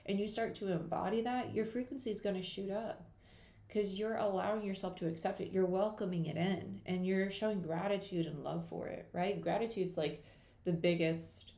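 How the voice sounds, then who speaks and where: A woman's voice: lowish voice, gravelly, mellow. Chatty young woman in an echoey room. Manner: rambling and chatty, many fillers, talks to viewers while doing makeup. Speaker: tarot reader hosting a live chat. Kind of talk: casual livestream chat. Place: home room at her computer.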